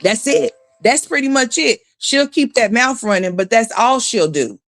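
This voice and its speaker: A woman's voice: on the high side, expressive, moderate pace. Blunt, profane woman ranting on a livestream. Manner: greets chat viewers by name mid-rant. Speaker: livestream commentary host. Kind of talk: ranting gossip commentary.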